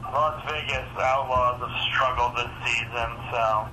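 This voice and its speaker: A man's voice: mid-range voice, fairly even intonation, measured pace. Playful man in a noisy recording. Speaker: co-host of a sports picks show. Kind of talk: casual sports picks chat.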